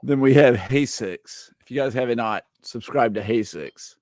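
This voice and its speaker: A man's voice: mid-range voice, measured pace, darkish tone, no echo, studio quality. A man hosting a casual gaming chat, joking around and playful. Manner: playful, jokey, puts on accents. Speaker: podcast host.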